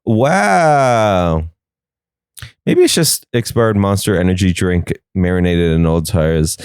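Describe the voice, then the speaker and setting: A man's voice: sits low, lively intonation, takes it slowly, a little mellow, clear, resonant tone, no echo, studio quality. A young man hosting a comedy podcast, riffing sarcastically on the news and slipping into silly voices.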